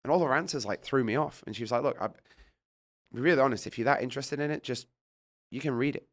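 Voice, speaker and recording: A middle-aged British man telling a story in casual chat, animated and swearing, acting out his own reactions. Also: medium pitch, fast talker. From Britain. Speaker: guest.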